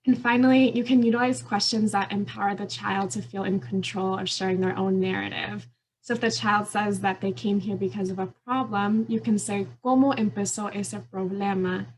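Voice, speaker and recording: A woman's voice: mid-range voice, flat delivery, brisk, a little hiss or hum, rough recording. A woman lawyer giving an earnest, explanatory conference presentation with occasional fillers. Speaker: immigration attorney.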